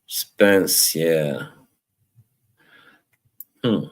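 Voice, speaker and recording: Slow deep-voiced man chatting on stream. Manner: rambling, chuckles often, reads chat aloud. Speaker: live stream host. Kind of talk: casual live-stream chat.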